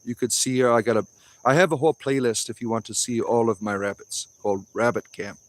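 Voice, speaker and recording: A man's voice: mid-range voice, fairly even intonation, a little fast. Blunt, offhand man chatting on a livestream. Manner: blunt, offhand, preachy asides. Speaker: livestream host reading chat. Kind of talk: casual livestream chat. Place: outdoors in a wooded grove.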